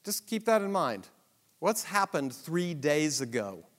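Brief: male Bible teacher, higher-pitched voice, emphatic and chatty, long reverb of a hall. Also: sing-song, measured pace. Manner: conversational, emphatic, with rhetorical questions and asides. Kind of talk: Bible survey lesson.

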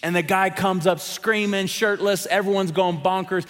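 A man preaching a sermon to his congregation, telling stories with lively quoted voices before reading scripture. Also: high-pitched, normal speed, noisy background. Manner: lively, animated storytelling with quoted characters. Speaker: pastor. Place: large church sanctuary. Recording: long hall reverb.

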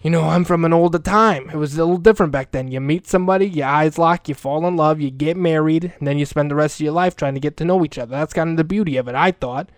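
A man's voice: fairly high pitch, quick pace, few pauses, no room sound, lightly acted. A man playing a crude, lovesick older school janitor who rambles earnestly and swears a lot in a comic monologue. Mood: lovesick rambling. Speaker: comedic character monologue.

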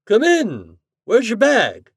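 A man reading an audiobook voices a cheerful, eccentric scientist who lectures with drawn-out emphatic stresses. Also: extremely high pitch, wildly swooping pitch, gravelly, breathy edge, dry recording, clean studio sound, voice pushed up, exaggerated voice. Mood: welcoming. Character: eccentric male scientist, cheerful self-declared mad genius.

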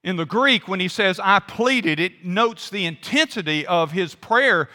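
A man's voice: sits high, animated, normal speed, bright, forceful tone. A man pastor preaching a conversational sermon, quizzing the congregation. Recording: long hall reverb.

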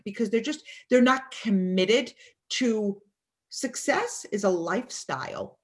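A woman appears as a guest in a motivational interview, speaking emphatically about mindset and acting out people's thoughts as quotes. Her medium-pitched voice is expressive and slow.

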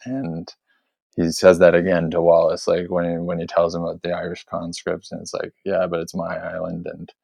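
A man's voice: low voice, monotone, normal speed, vocal fry, a little mellow, no room sound. A man hosting a podcast, chatting casually and a bit ramblingly about a film, with many fillers. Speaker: podcast host.

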